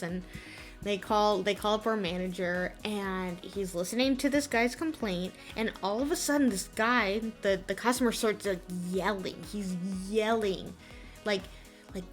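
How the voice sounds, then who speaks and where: A young woman vlogger casually retelling a story in a chatty, giggly, animated way. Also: mid-range voice.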